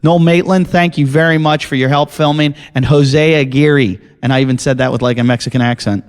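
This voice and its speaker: A man's voice: on the high side, fairly even intonation, quick pace, clean tone. Male comedian host, blunt and profane, casual banter delivery. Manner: blunt, profane, wrapping up the show. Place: jiu-jitsu gym.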